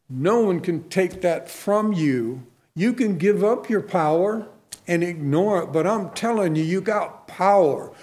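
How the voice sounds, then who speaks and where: A man's voice: high voice, darkish tone. A man, a Christian minister, telling folksy stories and preaching with fervent, emphatic exhortations, then leading a closing prayer.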